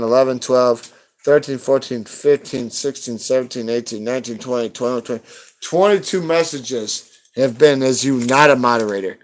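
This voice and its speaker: A man's voice: a little high, fairly bright tone. A man on a live stream, ranting heatedly at someone and cursing constantly in a confrontational way. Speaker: livestreamer hunting for rare banknotes.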